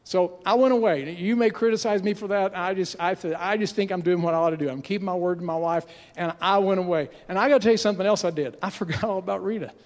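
A high-pitched man in his sixties preaches, telling a story in an animated, conversational way full of restarts. His voice rings out in a big church sanctuary with long, lingering reverb. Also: fast talker, hardly any pauses. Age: 60s. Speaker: pastor. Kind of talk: storytelling sermon. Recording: long reverb of a large hall.

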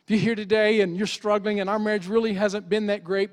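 A middle-aged man preaching as a pastor in an earnest, pleading manner, swinging from emphatic urging down to soft, quiet appeals. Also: sits high, little pitch movement, a little fast. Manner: earnest, pleading, rising to emphatic exhortation then dropping soft. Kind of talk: sermon.

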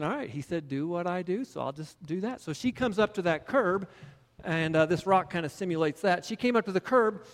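A middle-aged male pastor with a notably high voice delivers a sermon, moving from a casual personal story into emphatic preaching. His words echo with the long reverb of a church sanctuary.

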